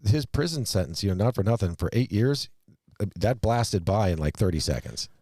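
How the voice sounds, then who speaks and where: Deep low guy rambling about a movie, mellow dark tone, casual podcast chat. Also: brisk, dry recording, studio quality. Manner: rambling, animated storytelling. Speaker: podcast co-host.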